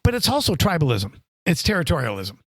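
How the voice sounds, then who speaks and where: A man co-hosting a casual podcast, a former band director who tells animated stories and acts out the people in them. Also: fairly high pitch, quick pace, slightly rough, no room sound, clean studio sound. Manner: animated storyteller who acts out other voices. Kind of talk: casual chat.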